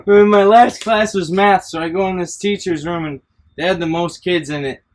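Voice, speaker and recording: Male host, rambling profane storyteller, slightly high voice, laughs easily. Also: steady tone, normal speed. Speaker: podcast host. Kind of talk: casual storytelling chat.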